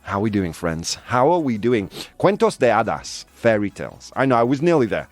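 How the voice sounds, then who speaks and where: A man's voice: on the low side, sing-song, a little fast, dry recording. A man hosting a casual live-streamed news chat, jokey and chatty, laughing often between points. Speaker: show host.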